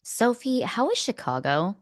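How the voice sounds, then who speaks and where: A woman's voice: sing-song, measured pace, no room sound. A woman co-hosting a podcast in casual, bubbly chat, close on the mic. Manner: chatty, bubbly, jumps into high squeals when gushing. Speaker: podcast co-host.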